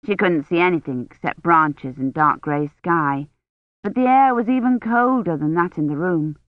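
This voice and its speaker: A woman reading a novel aloud in steady, even scripted narration. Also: lowish voice, normal speed, dry recording. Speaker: audiobook narrator. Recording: tinny phone-like sound, dry.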